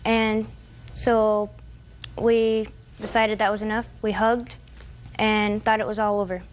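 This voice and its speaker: A woman in her twenties testifies as a defendant in a courtroom. She recounts events at length in a halting way, with faint noise in the background. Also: mid-range voice, little pitch movement. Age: 20s. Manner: halting, long retelling with fillers and restarts.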